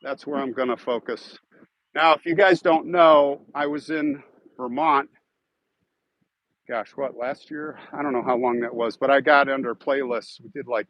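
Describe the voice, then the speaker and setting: A medium-pitched man from Chicago, United States, hosts a YouTube live stream, chatting in a rambling way with viewers and thanking those who donate. The recording is dry and the audio dull.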